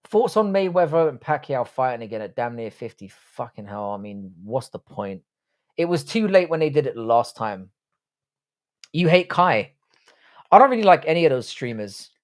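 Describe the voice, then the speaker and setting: A young man from the UK hosts a live stream, reading viewer comments aloud and answering them bluntly and with plenty of swearing. His pitch jumps around a lot as he reacts. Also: big pitch swings, normal speed. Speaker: livestream host.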